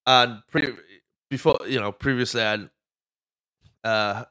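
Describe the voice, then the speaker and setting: A man's voice: mid-range voice, steady tone, slow pace, bright, forceful tone. Sweary Welsh man recapping a film. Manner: rambling, sweary, goes off on tangents. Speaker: podcast host. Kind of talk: casual movie recap.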